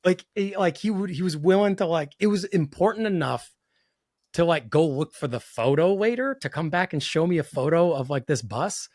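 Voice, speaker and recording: Man, guest storyteller, lively swooping pitch, slightly high voice, laughs a lot, dry close sound. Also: moderate pace, dry recording. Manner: animated, laughing, full of "like" fillers. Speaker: car builder guest. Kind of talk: casual storytelling.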